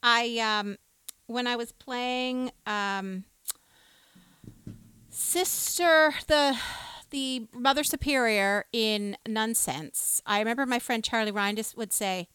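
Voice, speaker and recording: Bright, clear-voiced cheerful woman. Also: fairly high pitch, takes it slowly, no echo. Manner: cheerful, reads out viewer names and greetings. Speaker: co-host of a live music stream. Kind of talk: casual live-stream chat.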